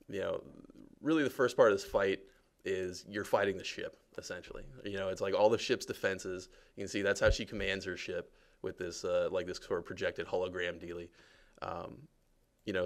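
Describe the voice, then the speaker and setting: Male game developer, deep gravelly voice, chatty, jokey live commentary. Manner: chatty and jokey, many fillers. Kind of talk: casual live gameplay commentary.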